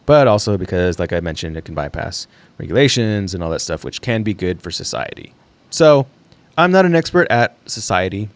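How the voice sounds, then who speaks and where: A man's voice: deep voice, sing-song, fairly quick, no room sound. A young man hosting a casual solo livestream, thinking aloud in a rambling way with fillers and the odd laugh. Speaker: livestream host.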